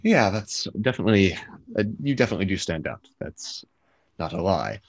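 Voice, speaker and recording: A man's voice: low voice, very animated, brisk, no room sound, highs cut off, heavily acted. A man voicing a young, sullen and tired official as game master in a tabletop game. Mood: weary. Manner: weary, dry, reluctant.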